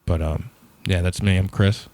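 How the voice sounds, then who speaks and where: A man's voice: low voice, steady tone, moderate pace, a little mellow, no echo. A young man hosting a comedy podcast in casual, rambling, profane chat, laughing often. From suburbs of Boston, US. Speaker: podcast host, stand-up comedian.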